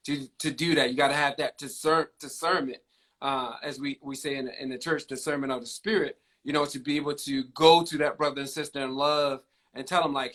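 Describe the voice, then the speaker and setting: A man's voice: mid-range voice, fairly even intonation, brisk, a bit bright. A man co-hosting a podcast as the preacher, talking through ideas in church terms and backing his partner with "right". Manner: church-talk, reflective, affirming with "right". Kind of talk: casual podcast talk.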